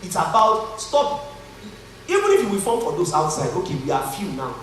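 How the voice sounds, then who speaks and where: A Nigerian man speaking to a live conference crowd, his high voice swinging widely as he jokes and tells stories. He sounds distant, and the large hall rings with heavy echo. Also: moderate pace, slight background noise. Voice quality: animated storyteller, joking and earnest by turns. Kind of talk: motivational talk to a live audience. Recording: echoey hall from far off.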